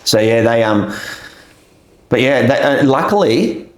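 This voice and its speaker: A middle-aged Australian army veteran, a guest telling a long story in a rambling, animated way with lots of fillers. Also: male voice, medium pitch, unhurried, reverberant, low-quality recording. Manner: rambling, animated retelling, with many fillers and restarts. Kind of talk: casual storytelling interview.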